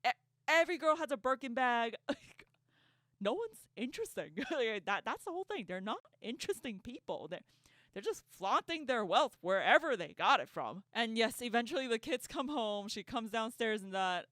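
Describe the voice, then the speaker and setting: A woman giving casual reaction commentary, sarcastic and quick to laugh, stumbling over repeated words as she rants. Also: on the high side, animated, a bit bright, no echo, studio quality. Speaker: online commentator.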